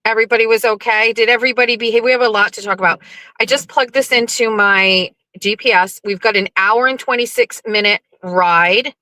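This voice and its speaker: A woman's voice: a little high, steady tone, a little fast, sharp tone, dry recording, rough recording. A middle-aged woman hosting a casual livestream from her car, chatty, greeting viewers over and over with rambling asides. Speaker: livestream host. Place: car, driving.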